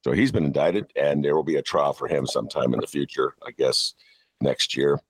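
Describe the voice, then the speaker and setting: A man's voice: very deep voice, fairly quick, breathy edge, no echo. An older man hosting a political talk show, sarcastic and ranting. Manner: sarcastic, ranting, mocks people in put-on voices. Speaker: podcast host.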